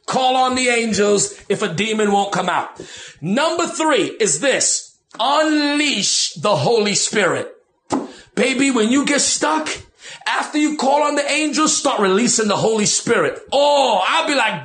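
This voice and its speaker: A man preaching as a pastor, animated and slangy, acting out his own prayers. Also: very high-pitched, a little slow, reverberant. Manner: animated, slangy, quotes himself. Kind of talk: preaching on deliverance.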